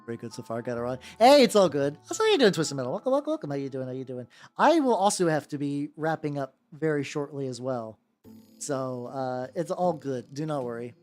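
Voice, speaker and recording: Rambling man with a lively voice. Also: fairly high pitch, a little fast. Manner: rambling, stumbling self-corrections. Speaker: VTuber streamer. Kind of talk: casual livestream chat while painting miniatures. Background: soft background music.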